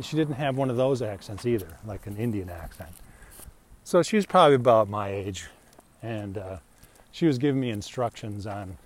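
A man's voice: mid-range voice, a little mellow, a little hiss or hum. A middle-aged American man telling a rambling, chatty story in a casual monologue, laughing often. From United States.

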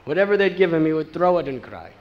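A man giving a devotional storytelling sermon, animated and acting out the voices of the people in his tale. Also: on the high side, fast talker, lo-fi sound. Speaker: spiritual teacher.

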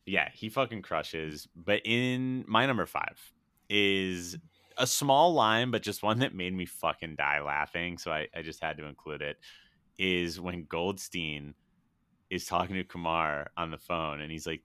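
A man's voice: low voice, lively intonation, a little slow, bright, forceful tone, clean tone, no echo. A young man co-hosting a casual movie podcast, laid-back and profane, laughing as he retells scenes. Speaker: podcast co-host. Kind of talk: casual movie-review chat.

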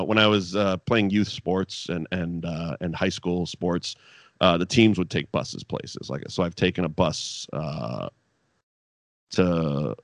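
A man with vocal fry, recorded without echo, co-hosts a wrestling review podcast. Over-caffeinated and exasperated, he delivers a casual, profane rant, swearing freely and breaking into sudden high-pitched outbursts.

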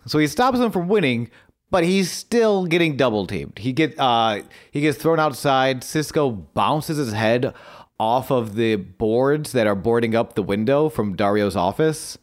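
Lively, animated male podcast co-host. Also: medium pitch, a little slow. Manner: animated storyteller, swears casually. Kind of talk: casual chat and match recap.

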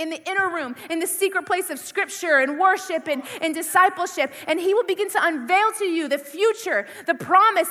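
A woman's voice: very high-pitched, pushed and bright, long reverb tail. A woman preaching to a youth crowd, passionate and conversational, with lots of repetition. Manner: impassioned, conversational, full of repetition. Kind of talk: sermon.

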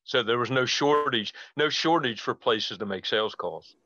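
A man's voice: medium pitch, moderate pace, pushed and bright, dry recording, lo-fi sound. An older man hosting a podcast interview, chiming in with industry facts in casual chat. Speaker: podcast host.

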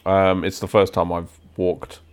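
A man's voice: deep voice, monotone, unhurried, clean tone. A man co-hosting a casual podcast, telling rambling stories with jokes. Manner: joking, rambling anecdotes. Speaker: podcast co-host. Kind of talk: casual chat.

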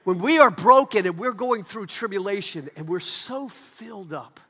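A pastor preaching to his congregation, a man with a strikingly high, bright, forceful voice. He swings from loud emphatic peaks to quiet, hushed asides. The sound carries a long reverb from a large hall. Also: expressive, moderate pace, breathy edge. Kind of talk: sermon.

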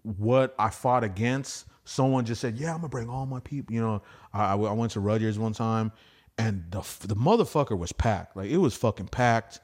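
A stand-up comedian hosts a casual podcast and rambles through crude stories, acting out what people said. His voice is fairly low and darkish, at a moderate pace.

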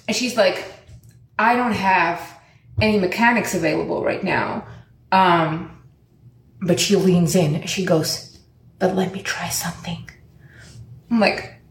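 A woman recounts her day to her followers in a chatty, swearing vlog style. She keeps slipping into the voices of the people she met. Her voice sits at a middle pitch, and the small room around her rings with echo. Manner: profane, animated, acts out other people's lines. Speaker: vlogger. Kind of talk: casual storytelling to followers.

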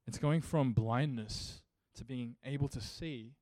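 A man preaching with a mellow, warm tone in a dry, close sound. He speaks earnestly and builds his points into emphatic rhetorical questions, like a pastor in the pulpit. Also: medium pitch, unhurried, dry recording. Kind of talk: sermon.

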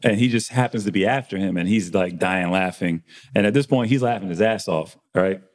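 Man, low voice, casual storytelling, animated, acts out dialogue, swears. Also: brisk. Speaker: barber and podcast host.

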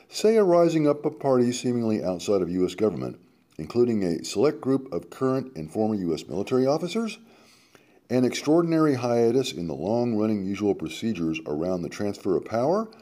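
Reading a column on his radio show, a man keeps interrupting the quoted passages with sarcastic remarks, dramatic and shifting between emphasis and muttering. His voice is on the low side, warm and sing-song, and moves a little fast.

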